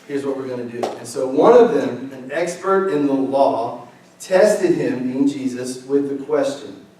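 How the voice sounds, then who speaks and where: A man's voice: medium pitch, warm tone. A young man, preaching a casual, joking sermon and bantering with his congregation. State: weak from illness. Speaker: pastor. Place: church sanctuary. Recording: echoey sanctuary, mic from far off.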